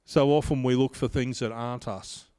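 A pastor in his fifties preaching a sermon in a measured way, mixing scripture with personal stories. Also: mid-range voice, fairly even intonation, darkish tone, clean tone. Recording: long reverb of a large hall.

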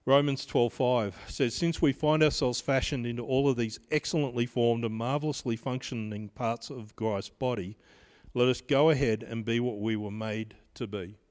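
A pastor in his fifties preaching a sermon in a measured way, mixing scripture with personal stories. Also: medium pitch, steady tone, darkish tone. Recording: long reverb of a large hall.

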